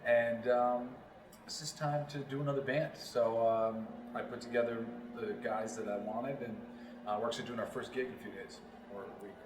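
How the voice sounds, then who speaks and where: A man's voice: mid-range voice, fairly even intonation, normal speed. A man from New York, a voiceover actor, talking casually as an interview guest and rambling with many fillers. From New York, Long Island. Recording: roomy, distant mic.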